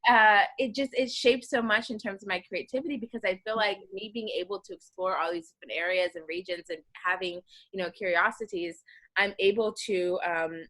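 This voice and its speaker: A young American woman hosts a casual podcast interview. Her voice is bright and ringing. She tells stories in a chatty, meandering way, full of fillers. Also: medium pitch, brisk. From United States. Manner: chatty, animated storytelling with many fillers. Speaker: podcast host.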